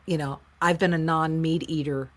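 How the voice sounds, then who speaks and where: Interview guest: middle-aged woman, low voice, candid and emotional, storytelling with quoted voices. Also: moderate pace. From United States. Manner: frank, emotional, animated retelling with quoted voices. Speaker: interview guest, singer-songwriter.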